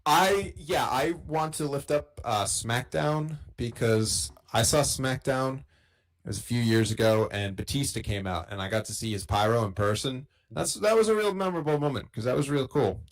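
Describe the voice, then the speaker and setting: Relaxed man reading chat. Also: medium pitch, moderate pace, low-quality recording. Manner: relaxed, reads out chat comments. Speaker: podcast co-host. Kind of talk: casual live-stream chat.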